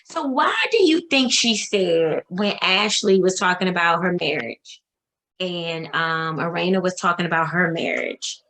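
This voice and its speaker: A woman's voice: lowish voice, measured pace, a bit bright, low-quality recording. A woman co-hosting a casual chat show, blunt and emphatic, repeating herself and swearing freely. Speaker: podcast co-host.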